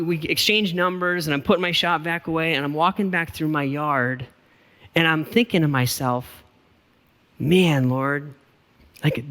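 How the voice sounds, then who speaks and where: Pastor, middle-aged man, slightly high, ringing voice; chatty storytelling sermon, echoing church hall. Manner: casual, self-deprecating, animated storyteller. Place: church auditorium.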